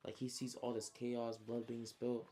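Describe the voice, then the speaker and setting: A man casually recapping his own story, slangy and animated, with frequent asides. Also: medium pitch, normal speed.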